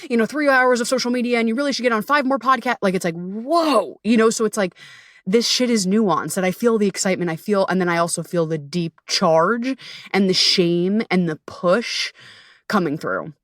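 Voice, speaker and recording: A woman's voice: medium pitch, normal speed, dry recording, studio quality. A woman in her thirties hosting a casual self-help podcast, bubbly and candid, swearing freely and playfully. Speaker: podcast host and coach.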